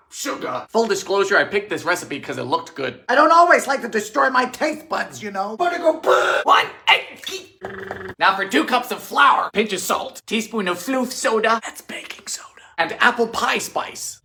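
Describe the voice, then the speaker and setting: A man talks through old recipes in a campy, sarcastic running commentary. His voice swoops up and down in a lively way, and he often breaks into sudden loud exclamations. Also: high voice. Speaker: vintage recipe cooking host. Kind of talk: comedic cooking commentary.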